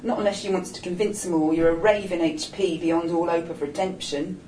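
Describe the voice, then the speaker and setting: A woman's voice: lowish voice, fairly even intonation, fairly quick, dark tone, a little hiss or hum, close to an everyday voice. A woman voicing a streetwise older man, cheeky, coaxing and full of slang, in a storybook reading. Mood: mocking. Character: streetwise older gay man, wry and bossy. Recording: roomy echo, distant mic.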